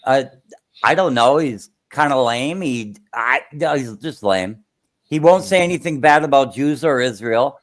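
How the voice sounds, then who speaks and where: A man's voice: medium pitch, animated, unhurried. A man calling into a stream, talking bluntly and crudely in casual chat.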